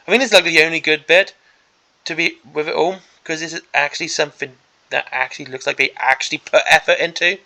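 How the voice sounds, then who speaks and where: A man's voice: a little high, steady tone, fast talker, pushed and bright. A man hosting a miniatures hobby channel, giving an exasperated, sarcastic ranting commentary on a product preview.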